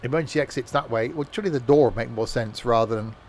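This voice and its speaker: A man's voice: medium pitch, fast talker, a little mellow, a little hiss or hum. A man streaming a train simulator, talking in casual, rambling commentary full of fillers and self-mocking asides, from a home setup.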